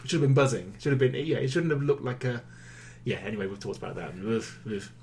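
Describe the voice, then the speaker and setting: A man's voice: medium pitch, quick pace, darkish tone, slight background noise. A man co-hosting a film review podcast, chatting casually with a wry, teasing manner.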